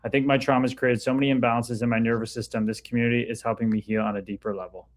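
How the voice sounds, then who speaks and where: A man's voice: mid-range voice, flat delivery, very fast. Male livestream host, mid-range voice, frank and loose, reads chat aloud. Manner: candid, swears freely, reads viewer comments aloud. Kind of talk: casual livestream talk.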